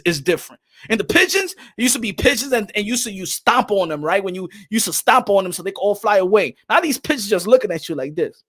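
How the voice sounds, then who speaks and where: A man telling casual stories on a boxing podcast, animated and profane, laughing often. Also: extremely high pitch. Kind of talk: casual storytelling chat.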